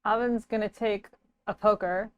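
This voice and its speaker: A woman's voice: medium pitch, steady tone, moderate pace, clean tone, no echo. A woman playing a tabletop game, dry, sardonic and matter-of-fact. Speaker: player. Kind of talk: tabletop role-play.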